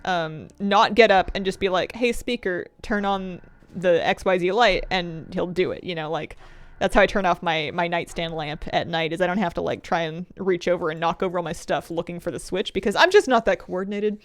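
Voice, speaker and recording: A woman's voice: on the low side, brisk, no echo. Chatty woman streaming a game. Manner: chatty, laughs often, rambling asides. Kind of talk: casual chat while gaming.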